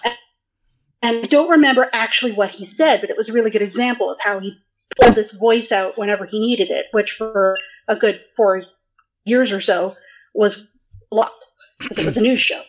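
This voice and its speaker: A woman's voice: mid-range voice, a little fast, rough recording. A woman role-player in a casual panel discussion, self-deprecating and hedging with "like".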